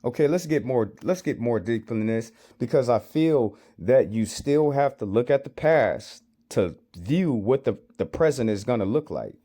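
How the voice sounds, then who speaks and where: American man, commentator, mellow voice, argumentative, repeats himself. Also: mid-range voice, expressive, moderate pace, hardly any pauses. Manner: rhetorical questions, repeats phrases, argumentative. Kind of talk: reaction commentary on clips.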